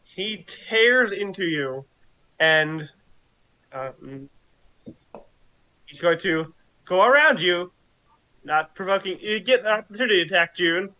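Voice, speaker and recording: A man running a tabletop game as game master, calling out rolls and damage in a relaxed, chatty way with frequent fillers, on dull lo-fi audio. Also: high-pitched, slow, long pauses.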